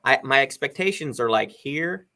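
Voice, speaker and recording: A man's voice: medium pitch, expressive, moderate pace, sharp tone. A man in his fifties, a guest on a live stream chat, talking casually and enthusiastically in a rambling way over a video call.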